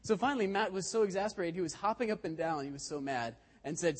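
A man's voice: high voice, fast. A man giving a sermon in a church, telling stories in a conversational way with frequent restarts, heard in a reverberant church hall. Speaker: lay speaker.

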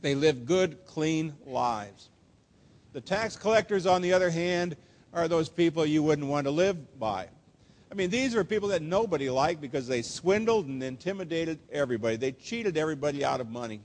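A man preaching a sermon in an earnest, emphatic way, slowing down to stress quoted words. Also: a little high, lively intonation. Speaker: pastor. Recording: long hall reverb.

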